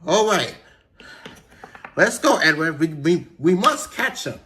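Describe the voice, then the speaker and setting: A man's voice: on the high side, big pitch swings, takes it slowly, pushed and bright, husky, heavily acted. A man voicing a fussy, flustered male railway boss in a toy train story.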